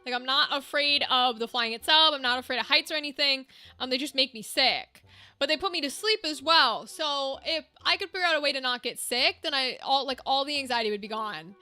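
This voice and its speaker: Bright-voiced woman chatting over gameplay. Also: high-pitched, fairly quick, dry recording. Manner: chatty, thinks aloud, easily amused. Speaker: streamer playing a game. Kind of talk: casual gameplay chat. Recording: game music underneath.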